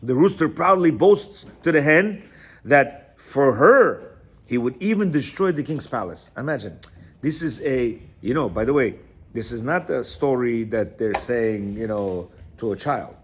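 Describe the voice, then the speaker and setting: A religious teacher gives a lecture on marriage, reading from a text and then explaining it. His medium-pitched voice has lively intonation and a breathy edge, and he speaks unhurriedly, conversationally and emphatically, dropping in many "you know" asides.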